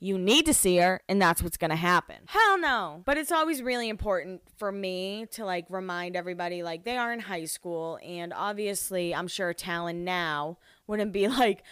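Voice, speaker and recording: A woman's voice: fairly low pitch, expressive, moderate pace, fairly bright tone, smooth, no echo, clean studio sound. A young woman hosting a podcast, recapping a reality show in casual chat, giggly and full of "like" fillers. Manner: chatty, giggly, lots of "like" fillers.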